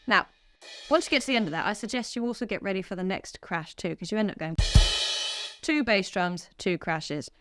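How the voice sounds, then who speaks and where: A woman's voice: medium pitch, fairly quick. A woman teaching a drum lesson, upbeat and counting beats aloud as she plays. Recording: music studio with loud drum kit.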